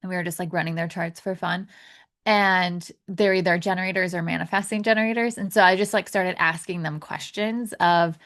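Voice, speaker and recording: A woman's voice: on the low side, fairly even intonation, brisk, fairly bright tone. A young adult woman hosting a podcast, talking casually on her own with lots of fillers, restarts and small laughs. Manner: chatty, full of fillers and laughs. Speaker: podcast host. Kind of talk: casual solo podcast talk.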